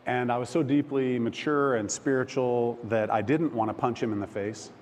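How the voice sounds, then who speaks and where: A man preaching a sermon, telling a personal story with emotion, halting and restarting often. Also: mid-range voice, fairly even intonation, a little mellow. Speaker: pastor. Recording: long hall reverb, faint background noise.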